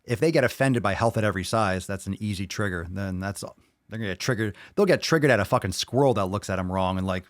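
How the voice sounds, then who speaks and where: A man's voice: fast talker, no echo. Profane ranting man, close dry mic. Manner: profane, angry, mocking; animated, swings loud and high for emphasis. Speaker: podcast host. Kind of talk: ranting solo commentary.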